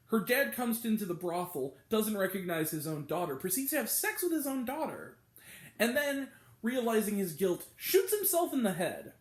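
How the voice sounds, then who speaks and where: A man's voice: high-pitched, reverberant. A man giving a blunt, exasperated, profane movie review as host of his own show. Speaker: film reviewer.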